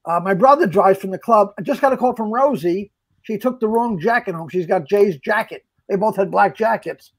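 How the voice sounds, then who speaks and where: Older man spinning comedy anecdotes. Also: high-pitched. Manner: animated, acts out quotes, halting restarts. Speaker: guest comedian. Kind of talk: storytelling in casual chat.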